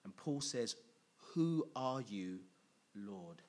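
Man, preaching a sermon, husky voice, conversational, lively. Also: mid-range voice, drawn-out words. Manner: conversational, lively, asks the congregation questions.

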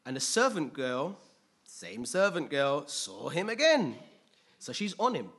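A man preaching a sermon, retelling a story with lively, jokey slang asides. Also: on the high side, unhurried, breathy edge.

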